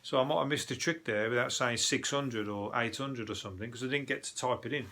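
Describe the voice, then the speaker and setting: A comedian delivering a casual, rambling monologue reviewing the day's news, full of swearing and jokey asides. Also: male voice, mid-range voice, fairly quick, bright, forceful tone.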